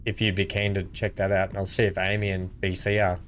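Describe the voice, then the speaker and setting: A man streaming a multiplayer game from home, excitable and chuckling as he plays and chats. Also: low voice, fairly quick, a little hiss or hum. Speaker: gaming streamer. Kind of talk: casual multiplayer gameplay chat. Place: home room.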